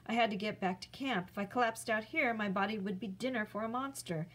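A woman, a teacher, reading a chapter book aloud in a clear, steady storytelling voice. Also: mid-range voice, brisk, poor audio.

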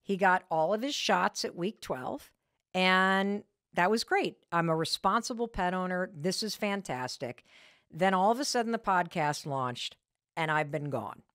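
Woman podcast host, motivational talk, candid storyteller, very expressive pitch. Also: measured pace, no echo, clean studio sound. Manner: animated storytelling with frank candor.

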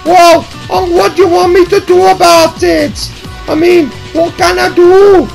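Falsetto scold: man playing a shrill mother, yelling, foul-mouthed, nagging. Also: level tone, a little slow, vocal fry, music in the background, heavily acted. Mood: doting. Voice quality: screeching falsetto, yelled from afar. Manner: nagging, swearing, threatening. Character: shrill scolding working-class mum, middle-aged woman.

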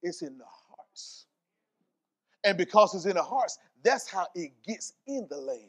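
A man's voice: high voice, sing-song, unhurried, a bit bright. A man preaching a sermon in church, quoting scripture and building emphasis through repeated phrases. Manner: preaching with rising, emphatic repetition and scripture quotes. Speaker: pastor.

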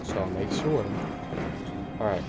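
A man's voice: fairly low pitch, expressive, slow pace. A young man doing casual commentary over a horror game, jumpy and swearing, with frightened yelps. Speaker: gaming YouTuber. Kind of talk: horror let's-play commentary. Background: game music.

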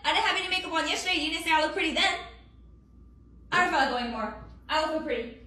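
A woman's voice: extremely high pitch, rapid-fire, sharp tone, reverberant. A young woman in her twenties bickering with her partner in a scripted couple comedy skit, sassy and accusing.

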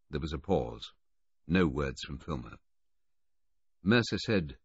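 A man reading a first-person thriller aloud in a low, husky voice. His pitch moves a lot as he tells the story. The recording is dry and a little dull. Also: animated, measured pace, dry recording. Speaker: audiobook narrator. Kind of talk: first-person scripted narration.

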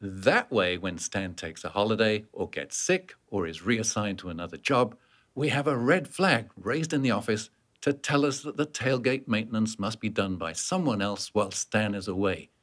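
A man's voice: on the low side, animated, moderate pace, fairly bright tone. A man giving scripted narration for a workplace safety training course, explaining step by step and answering his own questions.

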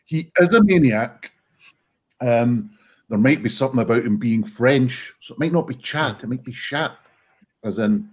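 A man hosting an online comedy show in a relaxed, chatty way, laughing easily. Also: mid-range voice, moderate pace, breathy edge. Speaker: host.

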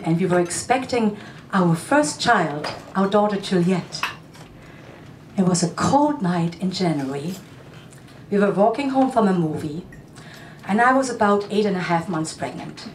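A middle-aged woman, singer and storyteller, calmly recounting a personal story with dramatic pauses. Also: medium pitch, slight background noise. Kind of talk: personal storytelling between songs. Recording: roomy, distant mic with music behind.

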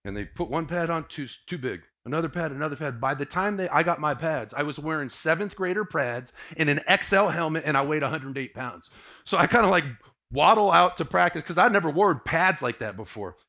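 Animated, bright-voiced man telling his story. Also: brisk. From Indiana, USA. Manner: dramatic storytelling, swinging from hushed to booming. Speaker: motivational speaker. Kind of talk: personal testimony told to a live audience.

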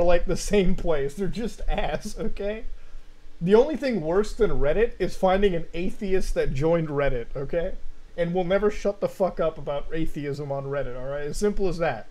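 Young guy streamer, high voice, rants and swears a lot, yells and laughs over clips. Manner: profane, ranting, bursts into loud shouts and laughs. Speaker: streamer reacting to videos. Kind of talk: casual stream commentary.

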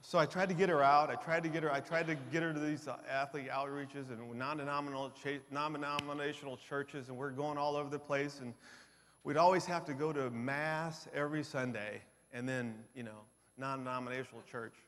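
Man in his own storyteller voice, mid-pitched, animated, jokes at his own expense, heard in a long-reverb conference hall. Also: fairly quick. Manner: animated, acts out quoted voices; self-deprecating humor. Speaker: conference speaker. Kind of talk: personal testimony storytelling.

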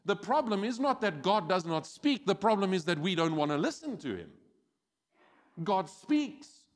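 A man preaching a sermon as pastor, animated and acting out quoted voices. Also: high-pitched, normal speed. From South Africa. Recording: church hall with long reverb.

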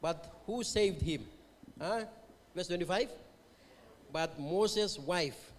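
Speaking slowly in a high voice, a Papua New Guinean-accented pastor preaches revival to his congregation, asking them questions and mixing Tok Pisin into his English. The church hall adds a long reverb, and there's slight background noise.

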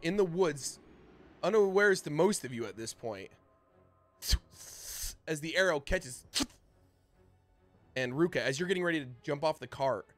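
A man narrating a tabletop game as its dungeon master, with a voice sitting a little above the usual male range. He tells the scene casually and haltingly, often restarting his sentences. Faint music plays underneath. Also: on the high side, lively intonation. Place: home streaming setup.

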